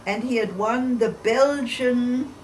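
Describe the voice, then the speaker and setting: A woman's voice: fairly high pitch, slow pace, a little mellow. A woman in her eighties, a chatty storyteller who laughs between her anecdotes in an oral history interview. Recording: distant mic with background noise.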